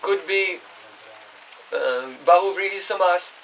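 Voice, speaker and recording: A man with a high voice teaches a scripture class in an explaining way, now and then asking his listeners whether they follow. He stands well back from the microphone, so he sounds distant. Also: takes it slowly, fairly bright tone, slight background noise. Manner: chants Sanskrit verses. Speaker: spiritual teacher. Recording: voice distant from the mic.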